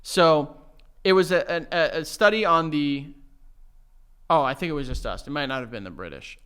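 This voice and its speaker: Bright, forceful New York man ranting. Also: a little high, lively intonation, normal speed, smooth. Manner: ranting, profane, opinionated. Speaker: podcast co-host. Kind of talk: casual podcast chat.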